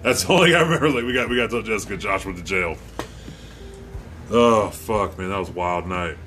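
A man's voice: lowish voice, quick pace, faint music behind. A man casually telling a story with lots of swearing, acting out the voices of the people in it. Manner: profane, animated, acts out quotes.

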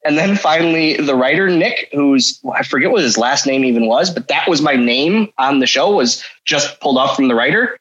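A man's voice: on the high side, expressive, moderate pace, hardly any pauses, fairly bright tone, highs cut off. A man guesting on a podcast, telling stories in a wry, self-mocking way. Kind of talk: casual storytelling.

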